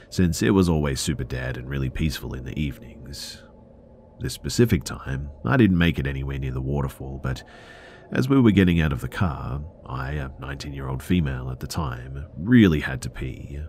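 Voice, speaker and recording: A man calmly narrating true scary stories in a low-key, subdued way. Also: fairly quick, a little hiss or hum. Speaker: storyteller.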